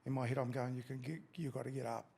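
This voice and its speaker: Gravelly and darkish with a breathy edge, this mid-range male voice moves fast with fairly even intonation. It belongs to a middle-aged Australian former fighter who, as a podcast guest, tells a casual story while swearing freely and acting out quotes.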